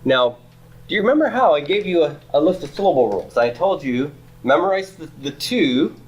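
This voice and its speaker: A man's voice: a little high, lively intonation, brisk, dull audio. A man teaching a Hebrew grammar class, explaining step by step and checking in with students through frequent "okay?" and "right?". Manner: repeats and restarts phrases while explaining. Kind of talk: classroom lecture.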